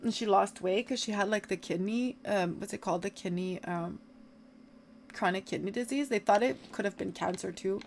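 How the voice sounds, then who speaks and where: A woman's voice: mid-range voice, normal speed, creaky, slight background noise. A woman livestreamer chatting casually while gaming, rambling and filling her talk with "like". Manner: rambling, heavy use of "like" fillers.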